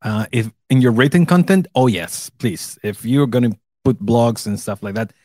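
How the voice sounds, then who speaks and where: A man in his thirties, an English speaker, chatting casually as co-host, relaxed and laughing often. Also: medium pitch, moderate pace, no room sound. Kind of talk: casual chat.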